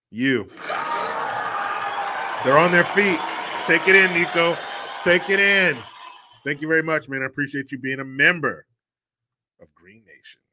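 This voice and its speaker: A man's voice: fairly high pitch, pushed and bright, a little hiss or hum. A man hosting a livestream, telling family stories in a joking, crude way and laughing often. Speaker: host. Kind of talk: casual livestream talk.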